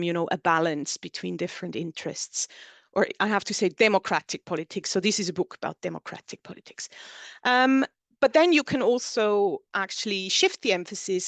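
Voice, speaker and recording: A woman whose first language is German presents her book in an online seminar. She explains her argument step by step in lists, in a voice of middling pitch. The sound is dry and close, as over a video call. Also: dry recording. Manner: explanatory, builds points in lists.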